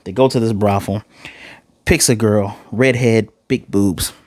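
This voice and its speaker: A man giving a casual, animated recap as an anime reviewer, acting out quotes and using fillers. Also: fairly low pitch, measured pace, no echo, studio quality. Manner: animated, acts out quotes, uses "y'all" and fillers.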